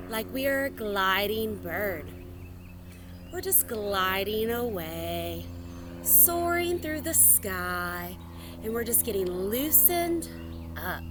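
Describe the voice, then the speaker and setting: Young woman, children's workout leader, high bouncy voice, slow and sing-song. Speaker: children's activity instructor. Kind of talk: guiding a children's movement workout.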